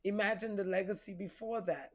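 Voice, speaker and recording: A woman's voice: medium pitch, steady tone, fairly quick. Profane, preachy woman doing a spiritual reading. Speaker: spiritual reader.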